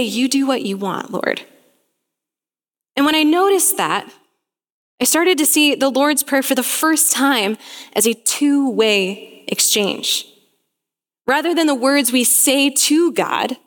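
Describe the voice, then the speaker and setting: A woman's voice: sits high, a bit bright, in a large hall. A young woman preaching a sermon, telling a story in an earnest, storytelling way.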